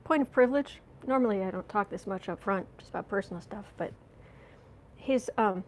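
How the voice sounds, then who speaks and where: An American woman hosting an astrology and tarot live stream in a rambling, casual way, clearing her throat often, with a runny nose and watery eyes after a coughing fit. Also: medium pitch, a little fast, slight background noise, low-quality recording. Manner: rambling and chatty, with frequent throat clearing and restarts. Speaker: astrology and tarot channel host.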